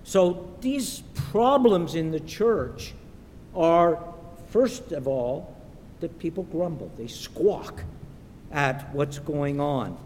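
Slow, emphatic man preaching in a hall. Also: animated, darkish tone. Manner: slow and emphatic, acts out quoted voices. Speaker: pastor. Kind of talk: sermon. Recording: echoey hall with faint rumble.

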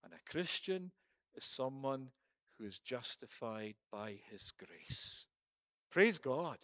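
A man's voice: medium pitch, big pitch swings, slow pace, pushed and bright, dry recording. Earnest man preaching, dry close sound. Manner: emphatic, rhetorical questions, repeated phrases. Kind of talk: sermon and closing prayer.

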